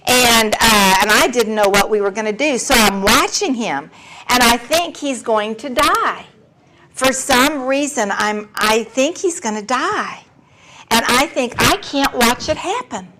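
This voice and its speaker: A woman's voice: on the high side, a little slow. Woman, 60s, wry storyteller at a recovery meeting, noisy recording. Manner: candid, wry, laughs often through the story. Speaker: speaker sharing at a recovery meeting. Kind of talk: personal storytelling talk. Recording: recording with clear background noise.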